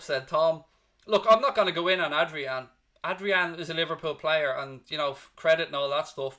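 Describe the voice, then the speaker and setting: A man's voice: a little high, sharp tone. A male fan channel host on a live post-match stream, reading out chat comments in an emotional, blunt way that wanders onto tangents, and exhausted.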